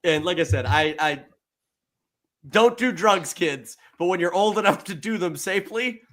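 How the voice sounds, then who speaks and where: A man's voice: sits high, animated, normal speed, a bit bright. A man co-hosting a podcast in casual chat, telling stories animatedly, laughing often and acting out what others said. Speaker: podcast co-host.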